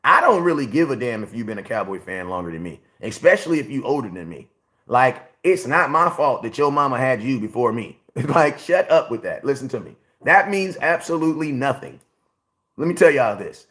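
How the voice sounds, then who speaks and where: A man's voice: medium pitch, big pitch swings, a little fast, fairly bright tone. A forty-year-old man hosting a casual sports livestream, talking bluntly and repeating himself as he answers his chat. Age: 40s. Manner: blunt, repetitive, talks straight to chat.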